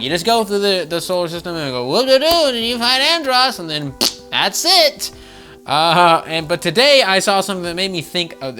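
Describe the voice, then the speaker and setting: An American man hosting a gaming channel, ranting casually with swearing and mocking voices. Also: medium pitch. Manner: animated, swears, mock voices, laughs often. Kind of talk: casual opinion rant.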